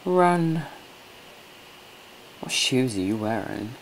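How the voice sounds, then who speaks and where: A man's voice: fairly low pitch, takes it slowly, a little hiss or hum. A man hosting a casual gameplay commentary from home, chatty, coaxing and scolding his game characters. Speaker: let's play host.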